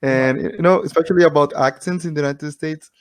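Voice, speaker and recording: A man's voice: fairly high pitch, a little fast, clear, resonant tone, no room sound. A man, a Portuguese native, learning English and chatting hesitantly with a tutor on a video call, repeating words and laughing often. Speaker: English learner, channel host. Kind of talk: casual video-call chat.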